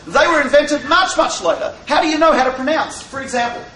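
Brief: high-pitched male Torah teacher, playful lecturer asking questions, echoey hall. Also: lively intonation, a little fast, pushed and bright, recorded from a distance, slight background noise. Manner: joking, full of rhetorical questions. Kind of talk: lecture to a live audience.

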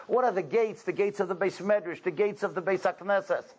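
Man, religious speaker, high-pitched, animated storytelling, rhetorical questions. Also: fairly quick, few pauses, rough recording. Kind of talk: storytelling talk to a congregation.

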